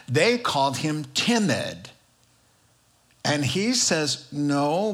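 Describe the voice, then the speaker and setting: A man preaching a sermon in an animated, jokey way, acting out quotes with big swings in his voice. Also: medium pitch.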